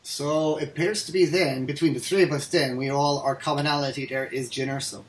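Chatty Irish man, a touch high. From Ireland. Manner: chatty, excitable, quick to laugh and rant. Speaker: podcast host. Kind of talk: casual chat.

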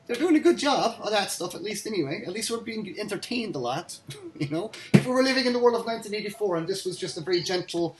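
An Irish man hosting a casual podcast chat, excitable and chatty, quick to laugh and rant. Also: sits high, heavy background noise. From Ireland. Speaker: podcast host.

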